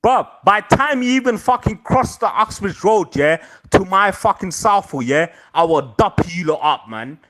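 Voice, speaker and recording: A man's voice: high-pitched, expressive, moderate pace, hardly any pauses, fairly bright tone. A man on an online call, taunting and insulting another caller in heated trash talk. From Southall, London. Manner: taunting, insulting, repeats lines.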